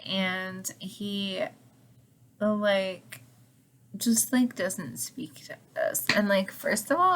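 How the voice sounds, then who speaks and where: Rambling young woman telling a story. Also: mid-range voice. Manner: rambling, lots of "like", swears freely, drops to near-whispers at times. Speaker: channel host telling a story. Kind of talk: casual storytelling vlog.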